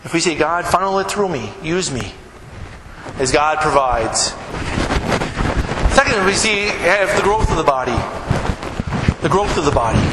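A man's voice: fairly high pitch, expressive, a little slow, long pauses. A male pastor giving a conversational sermon in a church, acting out quoted exchanges with emphatic rising peaks. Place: church sanctuary. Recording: echoey hall, background noise.

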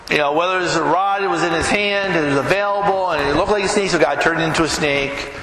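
A male pastor giving a sermon, telling stories and acting out quotes in a lively way, asking the audience questions. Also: a little high, quick pace, few pauses. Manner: animated, talks with the audience, acts out quotes. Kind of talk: sermon with storytelling. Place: church hall. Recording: echoey hall with room noise.

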